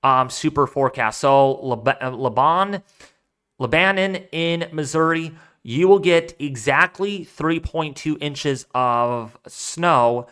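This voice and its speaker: A man's voice: on the high side, slow pace, fairly bright tone, clear, resonant tone. Chatty man hosting a weather live stream. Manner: chatty and rambling, thinking aloud. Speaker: weather livestream host. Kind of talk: casual live-stream chat reading donations.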